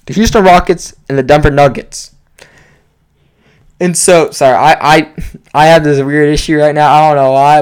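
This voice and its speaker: A man's voice: fairly high pitch, smooth. A young man hosting a solo sports podcast, talking casually and rambling into asides as he breaks down trades. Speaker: podcast host.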